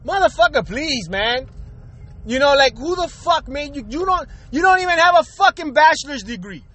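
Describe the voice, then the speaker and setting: A man's voice: very high-pitched, lively intonation, moderate pace, bright, forceful tone, rough recording. An angry man in a profane, streetwise political rant, cursing hard and talking straight to the viewer.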